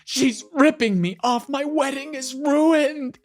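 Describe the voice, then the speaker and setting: A man's voice: a little high, sing-song, a little slow, voice pushed up. A man voicing a demanding young bride who sobs and wails indignantly, with background music. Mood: screaming. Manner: wailing, indignant, dragged-out words. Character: shrill sobbing young bride, demanding and entitled.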